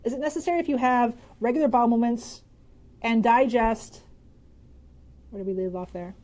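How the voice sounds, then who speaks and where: A Michigan woman with a fairly high but dark-toned voice talks briskly on her casual live stream. She's upbeat and gabby, going through viewer comments and answering health questions, often breaking into laughter.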